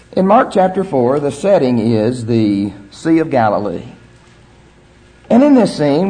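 A man preaching a sermon, telling the story in an earnest way with measured pauses. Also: medium pitch, mellow.

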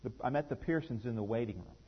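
A man's voice: medium pitch, fast talker. A man preaching a sermon as pastor, telling a story with earnest care and building to emphatic points. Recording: dull recording with long hall reverb.

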